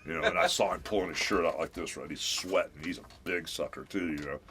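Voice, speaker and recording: A man in his fifties, a celebrity guest on a radio show, telling a lively story and acting out what people said, calling everyone brother. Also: deep voice, quick pace, a crowd in the background. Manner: animated storyteller who acts out quotes, calls people brother. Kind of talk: casual radio interview storytelling.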